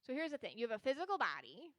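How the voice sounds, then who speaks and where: A woman's voice: high voice, wildly swooping pitch, rapid-fire, no room sound. A woman hosting a podcast as a psychic reader, talking casually in a chatty, rambling way with many filler words. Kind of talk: casual solo podcast talk.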